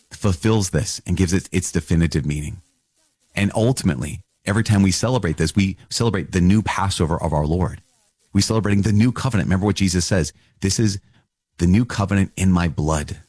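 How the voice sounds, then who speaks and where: A man with a deep, slightly husky voice explains scripture on his podcast. He talks earnestly and casually, with restarts and a quick laugh. The sound is dry and close. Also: a little mellow, dry recording. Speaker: podcast host, priest teaching. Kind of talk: casual catechism teaching podcast.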